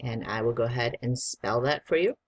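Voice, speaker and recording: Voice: mid-range voice, husky. A teacher giving a spelling dictation lesson, spelling each word out letter by letter in a patient, encouraging way. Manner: slow, deliberate dictation, spelling words out letter by letter; encouraging, patient instructions to a young student.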